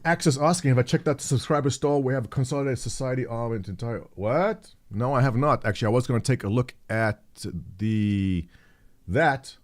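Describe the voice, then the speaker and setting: A man's voice: mid-range voice, a little fast. A middle-aged man hosting a live stream, chatting casually and jokily with viewers, thinking aloud and reading the chat. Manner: rambling, jokey, thinks aloud, reads chat. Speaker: livestream host.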